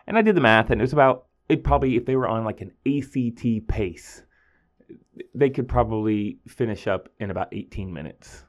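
Male high school teacher, average pitch, casual animated storyteller for a podcast. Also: brisk, lo-fi sound. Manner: animated storytelling, acting out students in a higher voice.

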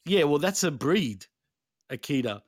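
A man's voice: a little high, expressive, measured pace, no room sound, studio quality. A man co-hosting a casual wrestling podcast, swearing bluntly and joking. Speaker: podcast co-host.

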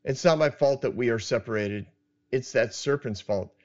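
A man voicing the first woman, slow and self-justifying as she blames the serpent, in a dull lo-fi recording. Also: mid-range voice, close to an everyday voice. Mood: defensive.

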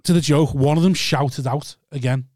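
A man's voice: a little high, fairly even intonation, moderate pace, darkish tone, no room sound, clean studio sound. A man, a stand-up comedian, teasing his co-host and telling rambling anecdotes in casual podcast chat.

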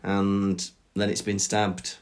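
A man co-hosting a podcast, chatting casually and playfully about a book chapter and slipping into quick impressions. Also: low voice, monotone. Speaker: podcast co-host.

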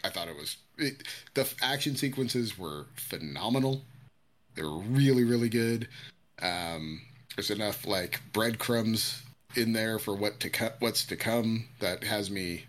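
A man co-hosting a casual podcast chat, animated and swearing freely, his voice jumping high when he quotes characters. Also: a little slow. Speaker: podcast co-host.

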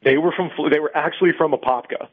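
A man's voice: a little high, fast talker, husky. A man calling in as a radio show guest, chatting through a long anecdote and laughing along. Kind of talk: casual radio chat. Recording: tinny phone line.

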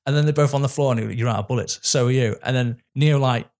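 Man, fast-paced, excitable, sweary, casual film chat. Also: mid-range voice. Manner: excitable, sweary, laughs often.

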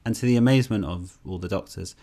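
Guy with a lowish voice co-hosting a chat show, tells stories animated, lots of restarts. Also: quick pace. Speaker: podcast co-host. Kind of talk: casual conversational storytelling.

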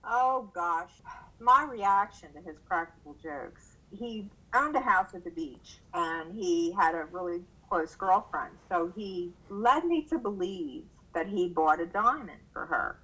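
An older woman reminisces in a relaxed interview. Her voice is bright and clear. She tells her stories with lots of energy and leaps high in pitch when she acts out what people said. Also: unhurried, rough recording. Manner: animated, acts out quoted voices with big pitch jumps. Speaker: interviewee, mother recalling her son. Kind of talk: casual storytelling in a conversation.

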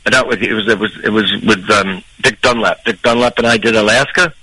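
A man's voice: lowish voice, brisk, husky, no room sound, poor audio. An older man, a comedian guest on a podcast, telling a long anecdote and acting out the people in it. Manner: animated, acts out people in his anecdotes. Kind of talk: storytelling on a podcast.

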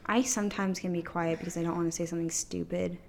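A woman in her twenties co-hosting a podcast, talking casually in a flat, monotone way. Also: fairly low pitch, fast, gravelly, a little hiss or hum. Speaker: podcast co-host. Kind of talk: casual chat.

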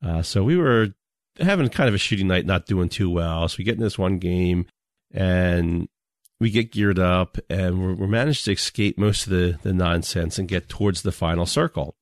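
A deep-voiced man co-hosts an easygoing, casual podcast chat, telling stories in a laid-back way and chuckling often. He speaks at a normal speed. The sound is dry and close, without room echo.

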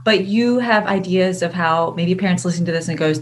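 A woman's voice: on the low side, brisk. A woman host asking an interview guest a framing question. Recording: faint background noise.

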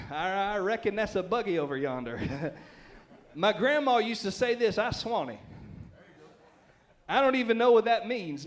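A Southern American pastor preaches in a high, light voice. He is folksy and playful, pausing to check in with his listeners and joking his way through his points. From Southern United States. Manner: folksy, joking, lots of "right?" and laughter. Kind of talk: sermon.

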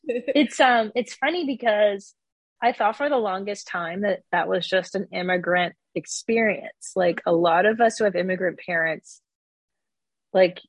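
A woman's voice: mid-range voice, measured pace, breathy edge, no room sound. A middle-aged woman, a stand-up comedian and guest, talking candidly and with swearing in a casual interview, acting out the people she quotes. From born outside the country, immigrant parents.

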